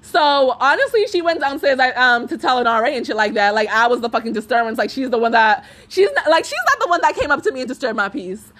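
A woman's voice: high voice, lively intonation, quick pace, hardly any pauses, a bit bright. A young woman hosting a podcast, telling a profane storytime rant and laughing through it. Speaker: podcast host. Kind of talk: ranting storytime monologue.

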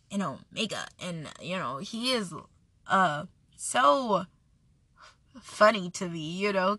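A woman's voice: mid-range voice, vocal fry, pushed and bright, no echo. A woman giving an earnest, chatty devotional talk and reading scripture aloud, often restarting her sentences. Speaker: devotional speaker.

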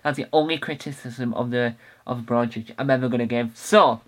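A man's voice: mid-range voice, fairly even intonation, moderate pace, a bit bright. A young man hosting his own podcast, talking casually and enthusiastically, rambling with many fillers and restarts. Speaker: podcast host. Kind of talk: casual solo podcast talk.

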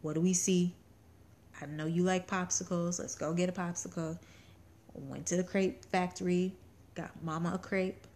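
A woman's voice: on the low side, fairly even intonation, normal speed, a little mellow, a little hiss or hum. A young woman co-hosting a casual chat show, telling family stories in a chatty way and laughing often. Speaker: podcast co-host.

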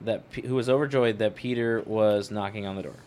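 A man's voice: lowish voice, steady tone, brisk, a little mellow. A man hosting a casual podcast chat, asking quiz questions in a wry way. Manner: quizzing, wry. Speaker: podcast host.

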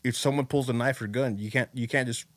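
Man, quick and profane storytelling, dry close sound. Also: mid-range voice, steady tone, no room sound. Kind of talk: casual chat.

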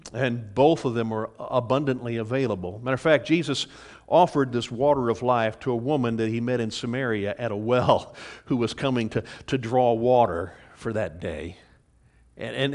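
Man preaching a sermon with many restarts. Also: medium pitch. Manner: impassioned, repeats words and restarts, acts out quoted voices. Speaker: pastor.

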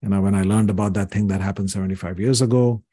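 A man's voice: fairly low pitch, steady tone, quick pace, dark tone, slightly rough, no echo, studio quality. A man in his sixties from India, a podcast guest telling personal stories in an earnest, reflective way, often saying "you know". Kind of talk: reflective interview conversation.

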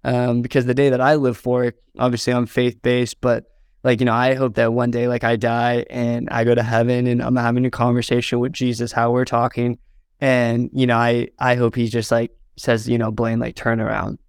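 Young male guest, earnest storyteller, slight fry, dry close recording. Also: mid-range voice, completely flat delivery, normal speed, no echo. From southern Indiana, US. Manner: earnest, fills with "like" and "um", gets choked up. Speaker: interview guest, videographer. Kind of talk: heartfelt storytelling in a podcast interview.

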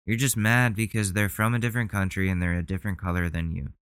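A man with a low, smooth voice, reacting out loud to clips in casual commentary. He rambles and swears, openly indignant. The sound is dry and close, with no room around it. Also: level tone, quick pace, no echo. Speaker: commentary host.

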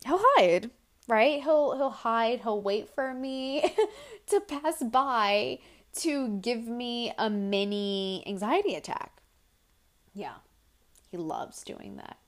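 Slow, rambling young woman podcaster. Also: on the high side. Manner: rambling, animated storytelling with filler words. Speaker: podcast host. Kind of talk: casual solo podcast chat.

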